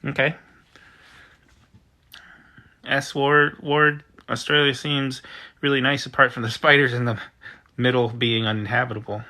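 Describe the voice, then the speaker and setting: A man's voice: mid-range voice, bright, forceful tone. A man from the United States hosting a casual livestream, chatting loosely and reading out viewer comments and usernames as they arrive. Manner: chatty, reads out usernames and reacts. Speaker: livestream host.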